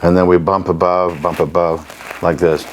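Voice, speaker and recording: A man teaching jazz articulation in a plain-spoken, emphatic way. He often clears his throat and scats rhythms to show a point. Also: low-pitched, flat delivery, normal speed, very noisy. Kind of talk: instructional demonstration.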